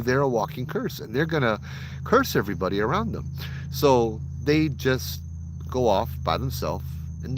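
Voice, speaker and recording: A man's voice: fairly low pitch, noisy background. A man casually telling ghost stories as host, chatty and using local slang. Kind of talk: casual storytelling.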